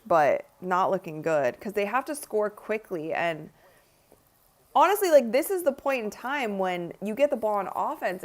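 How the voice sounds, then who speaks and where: A young woman giving casual live commentary at a watch party, chatty and tired, yawning now and then. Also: medium pitch. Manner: chatty, frequent "like" and "honestly". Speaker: livestream host.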